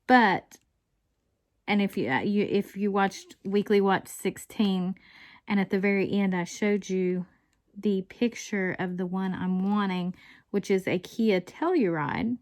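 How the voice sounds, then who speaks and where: A woman chatting as a craft vlogger, easy and unhurried. She takes her time with every sentence and lets it trail and ramble. Little chuckles slip in between her words. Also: mid-range voice, darkish tone. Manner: rambling storyteller, chuckles often. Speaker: diamond painting vlogger. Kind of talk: casual chat while crafting.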